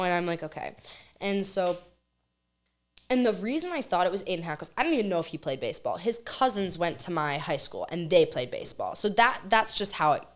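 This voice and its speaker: A young woman chatting casually on a podcast, telling a long story with lots of acted-out quotes. Her voice sits a little low, and she talks with bursts of quick, animated energy. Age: young adult. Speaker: guest.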